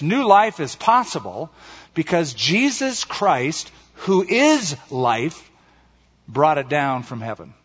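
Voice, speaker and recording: A male pastor preaching a sermon with emphatic delivery, slowing down to stress key phrases. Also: fairly high pitch, fairly bright tone, slightly rough. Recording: muffled recording in a reverberant hall.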